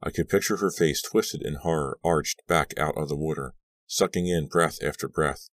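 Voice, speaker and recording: A man narrating a horror audiobook in a measured, tense reading. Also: a bass voice, no echo, studio quality.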